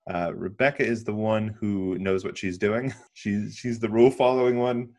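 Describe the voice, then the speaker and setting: Lowish guy chatting about a movie, laughs a lot, lots of restarts. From lived in Western North Carolina. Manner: laughs often, rambling with restarts. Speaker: podcast host recapping a film. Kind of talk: casual chat.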